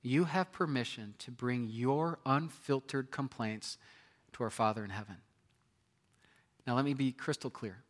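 A man's voice: medium pitch, measured pace. A man preaching a sermon in a conversational way, often asking his listeners rhetorical questions. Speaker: pastor.

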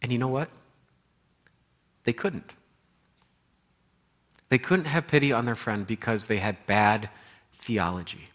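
Slow-paced and leaving long pauses, a pastor with a medium-pitched voice delivers his sermon in an earnest, conversational manner. He often starts his sentences over and alternates between quiet stretches and animated outbursts.

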